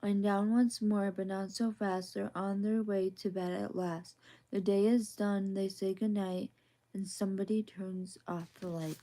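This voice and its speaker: A woman with a mellow, warm voice reads children's picture books aloud for a soft ASMR bedtime session. Her delivery is gentle and sing-song. Her pitch sits in the middle range. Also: steady tone, unhurried.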